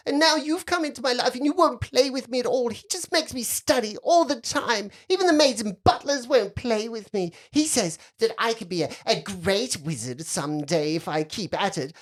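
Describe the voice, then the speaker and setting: A woman's voice: a little high, pitched above the performer's own voice, natural voice. A woman voicing a spoiled, bossy little girl wizard who talks in an imperious, whiny, sing-song way, in a tabletop game.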